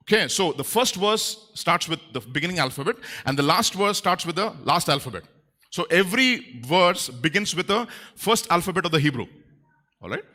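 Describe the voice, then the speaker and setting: A male pastor preaches in a church, his fairly high voice leaping up and down with lively swings. He sounds bright and sharp, and he acts out quoted speakers in playful voices. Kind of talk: sermon.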